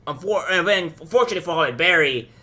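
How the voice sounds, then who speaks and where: A man's voice: a little high, expressive, fast talker, bright, forceful tone. A male host giving reaction commentary on a clip, rambling with many fillers and false starts. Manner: rambling, lots of fillers and restarts.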